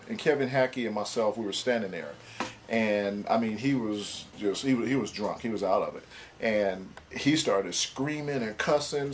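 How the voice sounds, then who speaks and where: A man's voice: lowish voice, slight background noise. A man in a documentary interview, telling an anecdote in a rambling way, full of uh and um. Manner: rambling storyteller, many fillers.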